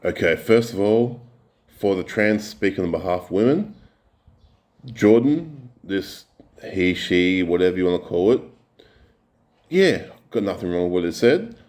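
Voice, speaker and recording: An Australian man reacting to clips in a profane, mocking rant, his pitch jumping up when he gets heated. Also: expressive, measured pace, pauses often, a little mellow. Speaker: reaction video commentator.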